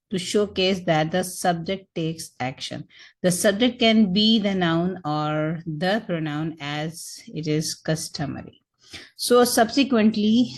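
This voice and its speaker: Female teacher, slightly low voice, explains patiently with rhetorical questions. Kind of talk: recorded grammar lecture.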